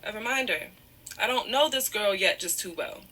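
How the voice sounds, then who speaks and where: A woman with a bright, forceful voice recounts a painful story while close to tears. She keeps apologizing and steering herself back with "however" as she digresses. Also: mid-range voice, animated, normal speed. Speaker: guest telling her side of a breakup. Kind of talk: emotional personal storytelling.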